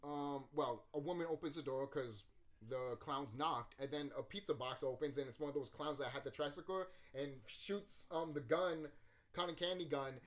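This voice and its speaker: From a room in his home, a YouTube host reviews a movie in a loose, ranting style, laughing, swearing frequently, and performing scenes. His voice is a little high and a bit bright, with fairly even intonation and a normal speed.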